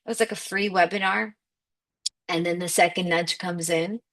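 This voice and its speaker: An emphatic woman with a slightly low voice delivers a motivational spiritual talk as a manifestation coach. She speaks in a loose, conversational way, full of "like" and direct appeals. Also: steady tone, normal speed, fairly bright tone.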